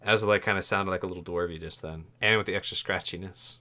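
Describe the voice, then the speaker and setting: A man narrating as game master in a tabletop game, relaxed and rambling, with fillers and chuckles. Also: deep voice, fast talker.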